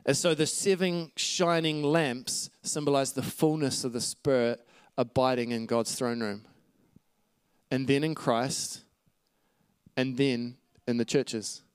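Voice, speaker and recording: A man's voice: mid-range voice, steady tone, slow, clear, resonant tone, dry recording. A man preaching a sermon, teaching earnestly from scripture with asides to the congregation. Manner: earnest teaching with scripture references, occasional light laughs.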